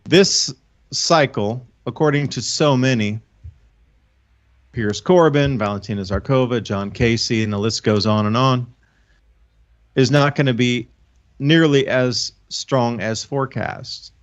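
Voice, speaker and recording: A man's voice: medium pitch, unhurried. Earnest rambling man, lo-fi sound. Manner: rambling, earnest explanations with restarts. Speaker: guest, online channel host. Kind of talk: casual monologue on a show. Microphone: own microphone.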